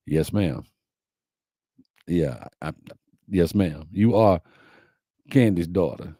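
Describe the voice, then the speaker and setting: A man hosting a talk, speaking slowly and emphatically, repeating his key lines to his listeners. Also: deep voice, animated, warm tone, no room sound, studio quality. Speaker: host. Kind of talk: inspirational talk to a live audience.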